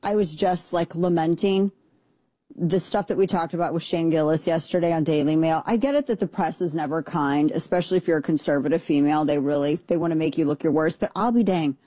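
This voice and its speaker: A woman's voice: sits low, brisk, dark tone, no room sound. A woman hosting a political talk show, speaking in an emphatic, rambling way with sarcastic asides into a studio mic. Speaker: political commentary host. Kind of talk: casual opinion commentary. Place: home studio in Texas. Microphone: studio mic with headphones.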